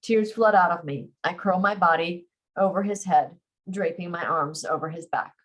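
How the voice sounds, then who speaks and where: A woman who writes romance, reading her own novel aloud in first person with expressive emotion and a chatty sign-off. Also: lowish voice, poor audio. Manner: expressive, emotional, slows on heavy lines.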